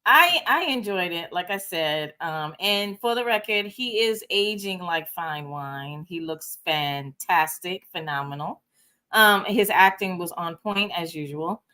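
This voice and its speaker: A woman sharing her opinion on a review panel over a video call. She is earnest and fills pauses with ums. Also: lowish voice, expressive, bright, forceful tone. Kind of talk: casual panel review chat.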